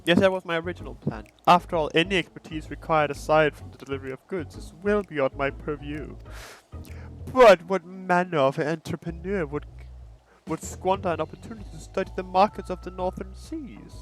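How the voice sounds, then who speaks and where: A man voicing a self-assured, smooth-talking male merchant with a grandiose, showman-like delivery, sometimes tripping over words. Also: on the high side, fairly quick, soft background music, lightly acted.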